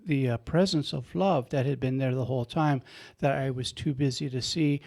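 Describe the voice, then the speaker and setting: A man's voice: mid-range voice, normal speed, vocal fry, darkish tone. A man hosting a radio talk show, speaking earnestly and with emphasis about faith.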